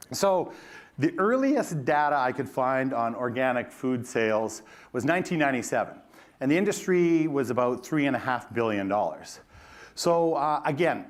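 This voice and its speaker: A middle-aged man giving a conference keynote, telling a self-deprecating story with lively energy. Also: medium pitch. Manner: animated, self-deprecating storyteller who mimics his boss. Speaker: keynote speaker. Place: conference stage before an audience.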